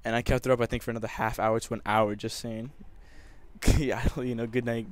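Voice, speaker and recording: A man's voice: medium pitch, level tone, fairly quick. A young man telling a personal story over gameplay commentary, emotional and rambling, with many restarts. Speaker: gamer.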